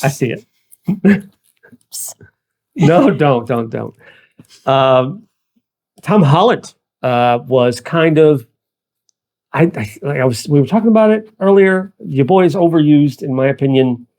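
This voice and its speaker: A man's voice: a little high, expressive, slow pace, long pauses, darkish tone. A man co-hosting a movie review chat, laid-back and casually swearing.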